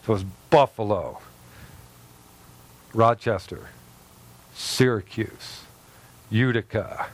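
A man's voice: lowish voice, slow pace, long pauses. A middle-aged man, a pastor, preaching a sermon to his church, telling a personal story in a folksy way with laughs and asides.

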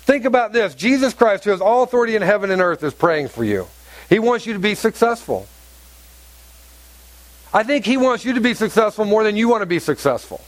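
A man's voice: high-pitched, expressive, fairly quick, dry recording. A man preaching a sermon to a congregation, emphatic and repetitive, often asking his listeners questions. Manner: emphatic, repeats phrases and asks the congregation questions. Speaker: pastor. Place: church hall with congregation.

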